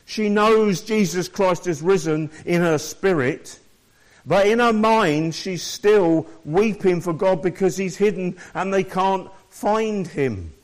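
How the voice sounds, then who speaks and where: A man's voice: high-pitched, slow. A man preaching a sermon, reading scripture aloud and explaining it to his listeners.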